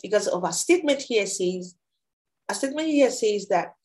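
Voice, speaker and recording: A woman teaching a Bible study, reading scripture aloud and explaining it in a loose, halting, conversational way. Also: fairly high pitch, expressive, darkish tone, poor audio.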